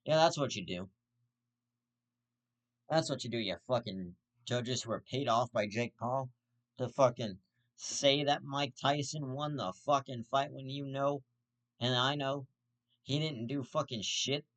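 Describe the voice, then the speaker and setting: A man's voice: mid-range voice, measured pace, pauses often, fairly bright tone. A man hosting his own vlog, ranting heatedly with heavy swearing and repeated restarts. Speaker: host of a commentary vlog. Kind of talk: profane ranting commentary.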